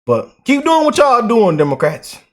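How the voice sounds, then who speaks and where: A man hosting casual political reaction commentary, talking in an animated, mocking, slangy way with repeated words. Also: extremely high pitch, moderate pace.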